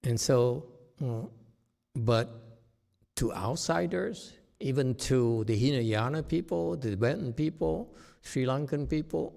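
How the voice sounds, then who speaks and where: Slow gravelly male dharma teacher. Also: medium pitch, warm tone. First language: Chinese. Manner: slow, plain-spoken, repeats "okay?". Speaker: Chan meditation teacher. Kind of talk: dharma talk. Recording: long hall reverb.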